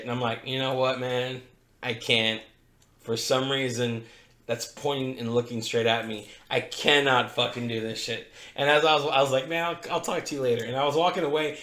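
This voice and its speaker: A man's voice: mid-range voice, moderate pace. A man who works as a strip club DJ, telling a profane story on a podcast and acting out the people in it. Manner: profane, animated, acts out voices in his stories. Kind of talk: casual storytelling. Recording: echoey room.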